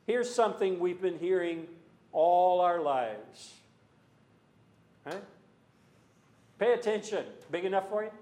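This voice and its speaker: A man preaching a sermon in a church, earnest and full of rhetorical questions, sometimes rising to loud emphasis. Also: high voice, lively intonation, unhurried, pauses often, roomy sound.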